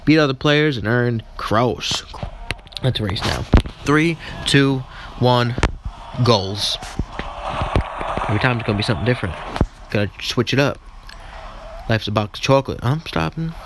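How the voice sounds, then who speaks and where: At home with dogs barking, a medium-pitched man gives goofy, rambling live commentary on a mobile racing game, with slight background noise. He cheers at the screen and jokes between races.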